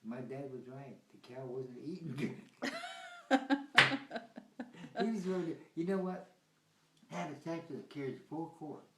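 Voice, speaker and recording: A man's voice: medium pitch, a little slow, pauses often. An older man telling family stories in a casual, rambling way, chuckling often. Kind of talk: casual storytelling. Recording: roomy home recording with background noise.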